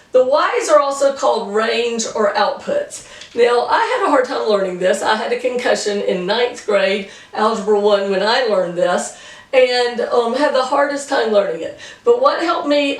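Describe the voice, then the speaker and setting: A woman's voice: a little high, distant mic. A woman teaching a pre-algebra lesson, explaining patiently and counting points aloud in a homey, chatty way. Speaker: math teacher. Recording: echoey room, voice from off-mic.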